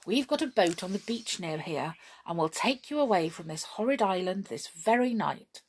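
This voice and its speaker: A woman's voice: mid-range voice, expressive, normal speed, a little hiss or hum, lightly acted. A woman voicing a kind, caring little male brownie in a raised, eager storybook voice. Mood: reassuring.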